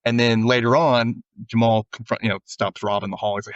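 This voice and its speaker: A man's voice: medium pitch, brisk, no room sound. Man, podcast host, casual recap chat, acts out the lines, dry slightly muffled sound. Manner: animated retelling, often acting out characters' lines.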